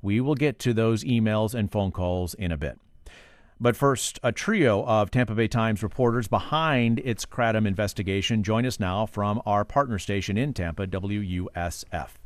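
A man hosts a radio talk show, reading contact details and introducing guests clearly. His voice is fairly low. The studio sound is dry and close. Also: normal speed, dry recording. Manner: clear, friendly, announcer-like.

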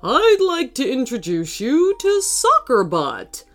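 Woman doing a loud, upbeat soccer coach. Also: sits high, huge pitch swings, slow, soft background music, full character voice. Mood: rallying. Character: male soccer coach addressing his team.

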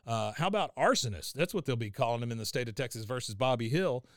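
A man's voice: mid-range voice, lively intonation, fast talker, dry recording, studio quality, natural voice. A man voicing a middle-aged father who pleads in an earnest, exasperated way. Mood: pleading.

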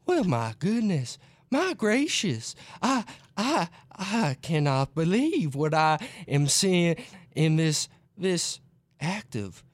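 A fussy, theatrical Southern gentleman with a thick put-on drawl, as a man hams it up. The voice sits a little high, and it comes across dry and close on a studio mic. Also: no room sound, exaggerated voice. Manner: theatrical, prissy, mock-outraged. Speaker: producer.

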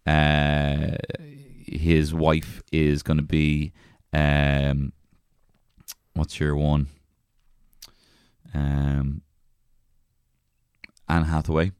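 A laid-back man with a very deep, smooth voice, chatting casually as podcast co-host. He is recorded close and dry, with no room sound. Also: monotone, very slow, long pauses, a little mellow, no echo. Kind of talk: casual comedic chat.

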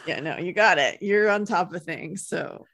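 A woman's voice: fairly low pitch, moderate pace, creaky, fairly bright tone. A woman co-hosting a podcast, casually retelling a TV episode and often laughing. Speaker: podcast co-host recapping a TV episode. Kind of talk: casual chat.

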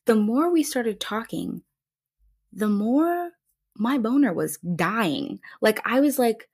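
A young woman hosting a podcast on her own, telling a story in a casual, playful way and jumping high in pitch when she quotes people. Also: a little slow, gravelly, slightly rough. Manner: animated, playful, swoops high for quoted voices. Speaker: podcast host.

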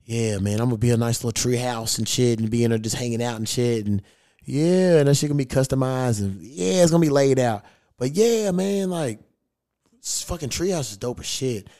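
A man's voice: medium pitch, brisk, mellow. A man, hosting a podcast in casual chat, telling loose stories full of slang and swearing. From United States. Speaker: podcast host.

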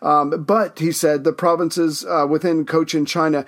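A man's voice: on the high side, level tone, moderate pace, fairly bright tone. A man co-hosting a history podcast, retelling events casually and laughing easily. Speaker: podcast co-host.

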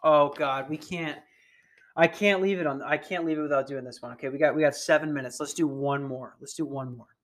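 A man's voice: fairly high pitch, fairly even intonation, a little fast. A man hosting a podcast, riffing in casual, profane, rambling comedic commentary on news stories. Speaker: podcast host.

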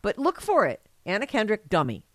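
A woman's voice: medium pitch, huge pitch swings, brisk, dry recording. Woman podcast host, gushing and rambling, casual crude banter, dry close mic. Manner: enthusiastic, rambling, laughs often. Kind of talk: casual crude comedic chat.

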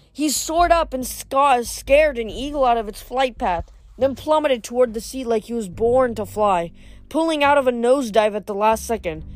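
A woman's voice: fairly high pitch, dry recording. A woman reading chapters of a novel aloud, often stumbling over words and restarting. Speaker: reader.

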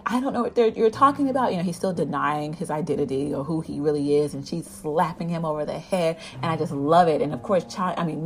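A woman giving a casual, animated episode recap. She rambles with many fillers and keeps acting out the characters' lines. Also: low voice. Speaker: drama recap vlogger.

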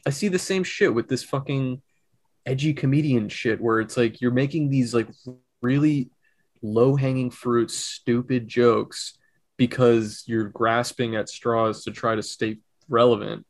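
A man's voice: mid-range voice, fairly even intonation, unhurried, no room sound. A young man co-hosting a podcast in casual chat, rambling with restarts and swearing. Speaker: podcast co-host.

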